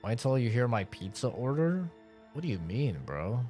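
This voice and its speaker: A man's voice: mid-range voice, big pitch swings, normal speed, mellow, faint music behind. A young man streaming and chatting casually, rambling and joking with a lot of swearing. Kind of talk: casual chat.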